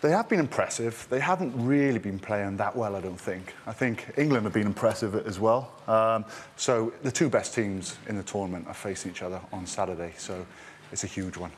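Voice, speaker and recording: Man from Wales, guest storyteller, lowish voice, slight background ambience. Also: a little fast, a little hiss or hum. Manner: chatty storyteller, laughs often. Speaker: studio guest, former rugby player. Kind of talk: casual anecdote telling. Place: TV studio.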